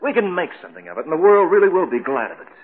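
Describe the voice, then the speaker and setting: A man playing a coaxing, steady doctor. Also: high-pitched, racing. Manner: coaxing, pleading calmly. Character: steady male doctor friend, coaxing and firm. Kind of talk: vintage radio drama acting. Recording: tinny band-limited old recording, echoey.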